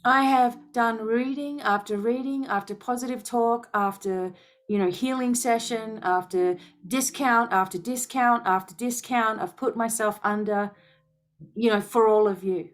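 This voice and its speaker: A woman's voice: a little high, steady tone, a little slow. A woman speaking as a spiritual healer in a passionate, emphatic monologue to her followers, driving her points home with rhetorical questions and a repeated "okay?".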